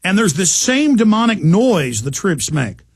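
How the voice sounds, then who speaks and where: A man's voice: high-pitched, big pitch swings, unhurried, husky, no room sound. A man, hosting talk radio in an intense, rambling monologue. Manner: intense, rambling, with impressions and laughs. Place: radio studio. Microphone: studio mic.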